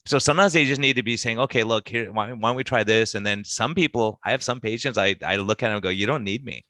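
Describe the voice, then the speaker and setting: A physician chats casually on a podcast, speaking fast in a lowish voice with no room sound. He's animated and acts out his conversations with patients, quoting them directly.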